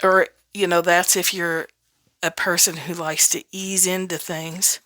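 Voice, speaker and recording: A woman's voice: on the low side, little pitch movement, measured pace, sharp tone, no room sound, studio quality. A woman hosting a casual solo podcast, talking bluntly and frankly, often laughing and swearing freely. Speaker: podcast host, business coach.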